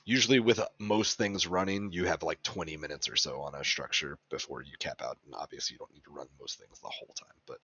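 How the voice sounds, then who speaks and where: A man explaining game details quickly during a casual chat. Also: extremely low pitch, steady tone, pushed and bright, slightly rough, dry recording. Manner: rapid, explanatory. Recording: dull dry lo-fi mic.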